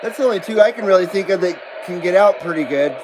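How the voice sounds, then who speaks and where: A man's voice: high-pitched, fast, noisy background. A man hosting a CB radio livestream, reading chat messages aloud in a rambling, self-deprecating way and laughing often. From western United States.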